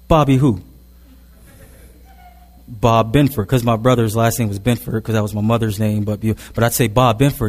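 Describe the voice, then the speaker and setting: A man's voice: medium pitch, a little mellow, in a large hall. A man preaching a sermon, opening with prayer and telling a story with humor and frequent repeated words. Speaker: pastor. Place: church sanctuary.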